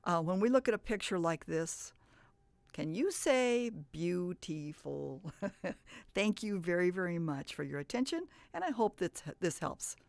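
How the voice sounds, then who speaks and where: Low, gravelly-voiced woman teaching reading. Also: big pitch swings, normal speed, dry recording. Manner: encouraging, patient, explains step by step. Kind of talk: instructional presentation.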